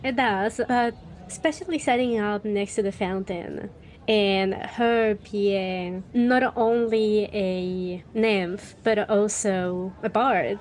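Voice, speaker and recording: A woman's voice: mid-range voice, darkish tone, a little hiss or hum. A woman player in a tabletop role-playing game who thoughtfully describes her character's actions.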